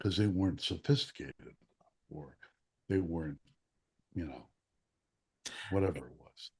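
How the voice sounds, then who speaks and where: Man, interview guest, animated storytelling, quotes acted out, occasional coughs. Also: low voice, unhurried, slightly rough. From Chicago area. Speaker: guest, former newspaper columnist. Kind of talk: storytelling in casual conversation.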